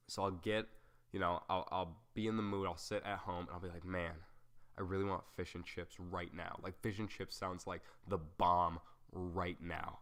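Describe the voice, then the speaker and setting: A man's voice: deep voice, a bit bright, smooth. A young man hosting a solo podcast, rambling casually through tangents and joking at his own expense. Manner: rambling and self-deprecating, full of fillers and tangents. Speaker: podcast host.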